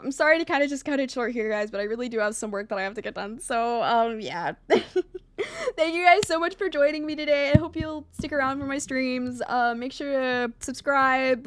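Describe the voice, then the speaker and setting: A woman streaming a game, her voice high and bright, bursting into gushing squeals. She talks casually, rambling and correcting herself as she goes, in a dry, close sound. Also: clear, resonant tone, no echo. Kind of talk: casual live-stream chat over a game.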